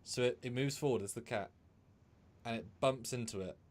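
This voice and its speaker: A male co-host of medium pitch in easygoing livestream banter. He rambles and restarts as he spins an absurd story, animated and loose. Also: normal speed.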